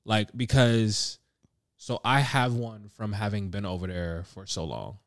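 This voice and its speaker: A man's voice: lowish voice, unhurried, dry recording, studio quality. A man in his thirties with an American accent carrying a slight British tinge, co-hosting a podcast in a loose, rambling, laid-back way. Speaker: podcast co-host. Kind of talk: casual chat. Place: small room, seated on a couch.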